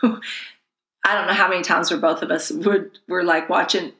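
A woman hosting a podcast in casual chat, emphatic, agreeing often and laughing loudly. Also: on the low side, fairly even intonation, measured pace. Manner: emphatic, frequent yeahs and loud laughs. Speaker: podcast host. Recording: echoey room.

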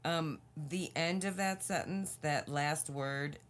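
A woman's voice: deep voice, slow, slight background noise. A woman co-hosting a podcast, rambling through stories in casual chat, laughing often and teasing her co-host.

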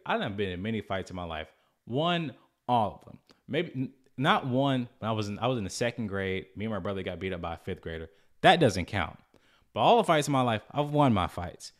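A man in his early twenties tells a personal story straight to camera, and it comes out rambling and full of restarts. His voice sits a little low, and he jumps up into a higher voice whenever he imitates other people. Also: expressive, a little fast. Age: 20s. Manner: rambling, restarts often, mimics others in a raised voice. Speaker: vlogger.

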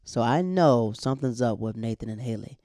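A man casually recapping a TV episode, animated and slangy, acting out the characters' lines as he goes. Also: mid-range voice, brisk, no echo, studio quality. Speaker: show recapper.

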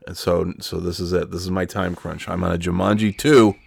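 A man's voice: sits low, flat delivery, brisk, vocal fry, breathy edge, dry recording, studio quality. A middle-aged man hosting a podcast from home, ranting in an exasperated, profane way. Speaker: podcast host. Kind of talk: solo podcast rant. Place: home room.

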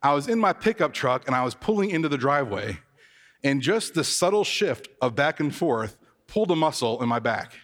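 A man's voice: mid-range voice, sing-song, a little fast, fairly bright tone, in a large hall. A man preaching as a pastor, telling stories in a conversational, self-mocking way. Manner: conversational, self-deprecating storytelling. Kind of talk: sermon.

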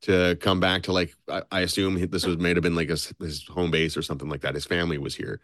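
Young guy w a really deep voice, cusses constantly, rambly podcast storytelling, dry close mic. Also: level tone, quick pace, a bit bright, no echo. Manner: swears a lot, loose and rambling. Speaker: podcast co-host. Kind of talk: casual chat, retelling a story.

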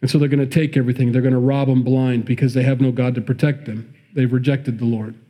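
A man's voice: medium pitch, flat delivery, quick pace, mellow. A man with a Midwestern accent preaching a sermon, reading scripture and breaking off into conversational, emphatic commentary. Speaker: pastor.

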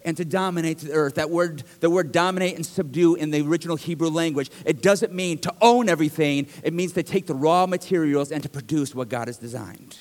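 High-voiced male pastor in a reverberant hall. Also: a little fast, hardly any pauses. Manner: conversational preaching with jokes, rising to emphatic bursts. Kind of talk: sermon. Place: church sanctuary.

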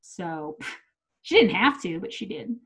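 In a husky, fairly bright mid-range voice, a middle-aged comedian tells blunt, profane stories during casual, unedited chat. She's very animated but takes it slowly.

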